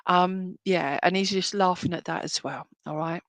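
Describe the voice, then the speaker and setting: A woman with a lowish, creaky voice speaks at a normal speed with hardly any pauses, recorded dry. She is a medium giving spirit readings at a live-streamed church service, affectionate and reassuring, often asking her listeners "all right?"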